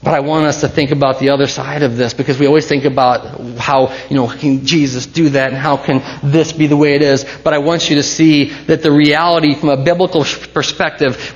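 A man preaching a sermon as pastor, swinging between hushed intensity and rising passion. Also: on the high side, steady tone, fairly quick, few pauses, lo-fi sound.

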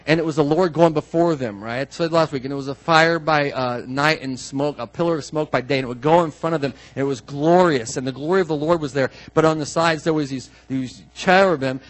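Male pastor, slightly higher voice, conversational sermon that builds to emphatic declarations. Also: poor audio. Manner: conversational, asks the congregation questions; rises to emphatic, drawn-out declarations.

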